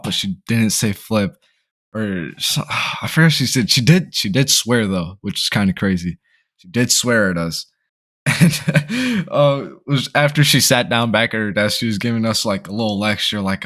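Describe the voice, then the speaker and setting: A young man telling a story time, rambling and chuckling as he goes. He often restarts his sentences, and his voice sits at an ordinary middle pitch. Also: normal speed, a bit bright. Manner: rambling, laughing, many restarts. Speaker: vlogger.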